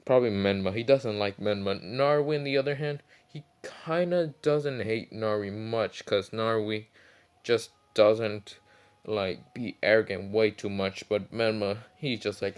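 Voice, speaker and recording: A man's voice: on the low side, a little slow, clear, resonant tone. A man casually retelling a fan story, rambling with many fillers and some swearing.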